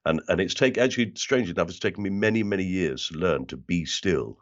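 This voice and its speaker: A man's voice: low voice, fast talker, highs cut off. An older man from South London with a London accent, telling stories as an interview guest and slipping into other people's voices. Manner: animated storyteller who slips into other people's voices. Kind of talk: casual interview chat.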